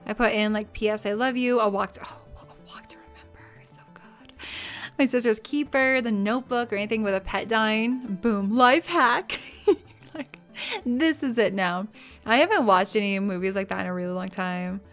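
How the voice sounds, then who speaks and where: A woman's voice: mid-range voice, normal speed, a bit bright, soft background music. A woman streaming live, chatting casually and laughing often while she plays a life-sim game.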